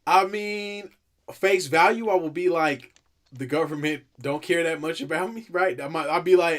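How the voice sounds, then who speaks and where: Animated joking man, slightly higher voice. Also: normal speed. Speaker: sports talk co-host. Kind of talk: casual banter.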